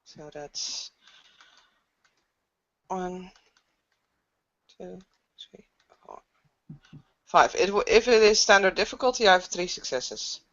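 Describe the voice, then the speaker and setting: A woman playing in a tabletop role-playing game, speaking in a hesitant, soft way with many ums. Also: on the low side, lively intonation, takes it slowly, pauses often, no echo. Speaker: player. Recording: dull lo-fi audio.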